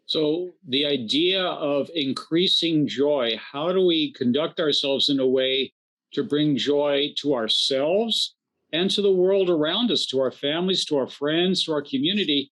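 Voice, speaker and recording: Reflective male rabbi, slightly high voice. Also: a little slow, fairly bright tone. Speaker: rabbi, co-host. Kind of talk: casual conversation.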